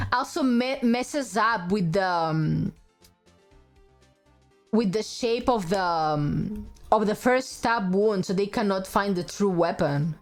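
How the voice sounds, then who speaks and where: A woman's voice: medium pitch, animated, takes it slowly, soft background music. Woman streamer, heavy non-native accent. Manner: speaks English with a strong non-native accent; hesitant, restarts with filler sounds. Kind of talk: casual live-stream chat while playing a game.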